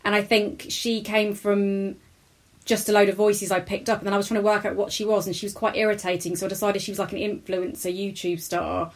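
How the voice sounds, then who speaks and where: A woman's voice: mid-range voice, little pitch movement, fairly quick. A woman, a character comedian chatting as a guest in an interview, rambling and self-deprecating. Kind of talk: casual interview chat.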